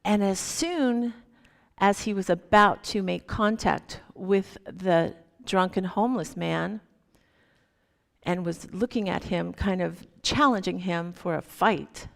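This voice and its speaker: A woman minister telling a story in a sermon, gentle and unhurried. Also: medium pitch, creaky. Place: church sanctuary. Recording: long hall reverb.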